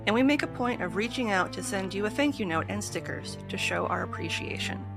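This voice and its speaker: A woman's voice: mid-range voice, lively intonation, brisk, over music. A woman hosting a podcast, steadily reading from a script and long lists of sources. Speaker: podcast host.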